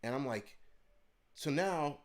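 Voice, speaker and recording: This man's voice is fairly high and slow-paced, with lively intonation. As host of a prepping channel, he delivers a storytelling monologue as a heated rant full of profanity.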